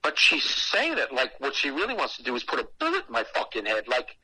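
A man's voice: mid-range voice, huge pitch swings, a little fast, bright, forceful tone, breathy edge, rough recording. A man telling a story casually and animatedly, with lots of swearing.

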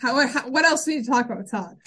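A woman's voice: high voice, animated, rapid-fire, bright, forceful tone, breathy edge. A woman co-hosting a podcast, chatting casually and restarting her sentences as she recaps an episode. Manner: chatty, frequent restarts and fillers. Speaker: podcast co-host.

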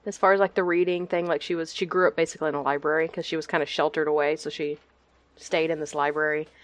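A woman from Texas, a guest on a podcast over a video call, chatting casually with lots of fillers and quick laughs. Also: low voice, little pitch movement. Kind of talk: casual chat.

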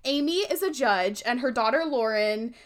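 A young woman co-hosting a podcast, talking in a relaxed, blunt, conversational way. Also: a little high, normal speed. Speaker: podcast co-host. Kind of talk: casual chat.

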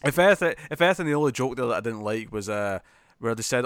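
A man's voice: on the low side, fast, fairly bright tone, clean tone, dry recording, clean studio sound. A man chatting casually as a podcast co-host, laughing and acting out characters' lines as he recaps an episode.

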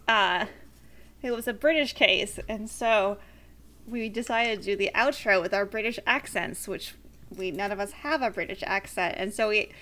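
A woman's voice: medium pitch, moderate pace, bright, forceful tone. A woman co-hosting a podcast, chatting casually, laughing often and swearing bluntly. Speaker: podcast co-host. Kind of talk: casual chat.

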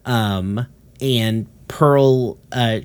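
A man's voice: mid-range voice, drawn-out words, a little mellow, clean tone. A man casually retelling a cartoon episode in a rambling way, with lots of fillers and the odd swear word.

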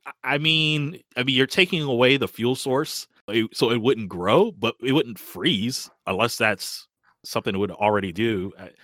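Hesitant man, bright and dry. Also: mid-range voice, normal speed, no echo. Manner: hesitant, repeats words while thinking. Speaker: podcast panelist. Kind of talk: casual chat reviewing a cartoon episode.

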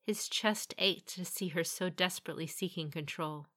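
A woman reading a fantasy novel aloud with steady, even storytelling. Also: on the low side, moderate pace. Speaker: audiobook narrator. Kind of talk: scripted fantasy narration.

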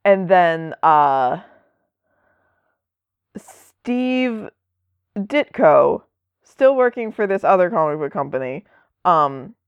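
A woman's voice: deep voice, smooth, no room sound. A woman co-hosting a podcast, explaining things in a chatty way with many asides. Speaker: podcast co-host. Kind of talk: casual chat. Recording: dull lo-fi sound.

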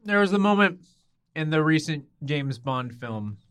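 A man co-hosting a casual podcast chat, bantering in an animated, mock-outraged way. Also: a little high, measured pace, smooth, dry recording. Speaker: podcast co-host.

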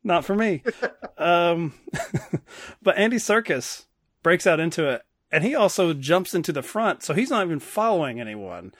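A man's voice: on the high side, very animated, normal speed, a bit bright, no echo, studio quality. A man co-hosting a podcast, joking and sarcastic about a movie, laughing often. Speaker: podcast co-host. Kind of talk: casual movie discussion.

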